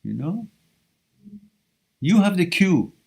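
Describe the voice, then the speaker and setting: A man with a slightly higher than usual voice, hosting a live advice stream. He talks bluntly and scolds in a lively, animated way. He reads viewer questions aloud and answers them head-on. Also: takes it slowly, gravelly. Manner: blunt, animated, scolding tough-love delivery. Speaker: live Q&A host giving relationship advice.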